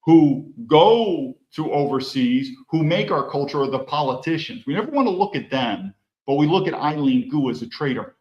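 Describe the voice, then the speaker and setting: A man's voice: on the high side, big pitch swings, normal speed, a little mellow, roomy sound, lo-fi sound. A man hosting a solo opinion monologue, talking emphatically and answering his own rhetorical questions. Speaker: political commentary host.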